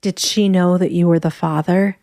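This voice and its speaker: A woman hosting an interview, quiet and attentive, asking short questions. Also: on the low side, fairly even intonation, normal speed, no room sound, studio quality. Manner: quiet, attentive listener with brief responses. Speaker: podcast host.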